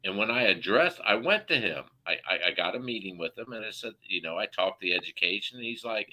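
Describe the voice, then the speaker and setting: A man in a group call ranting angrily about politics, heated and profane, with loud outbursts. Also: fairly low pitch, sing-song, a little fast, hardly any pauses, low-quality recording. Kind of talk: angry political rant.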